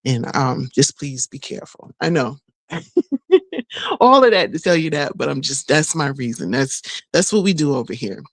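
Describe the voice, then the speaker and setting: A middle-aged woman talking straight to her viewers in a relaxed, rambling vlog, folksy and quick to laugh. Her voice is a bit hoarse, as if she is losing it. The sound is close and dry, with no room around it. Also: low voice, no room sound. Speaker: vlogger. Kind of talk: casual vlog chat.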